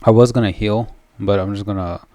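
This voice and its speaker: A man giving casual commentary as he plays a video game, thinking aloud in a relaxed way. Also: fairly low pitch, a little fast.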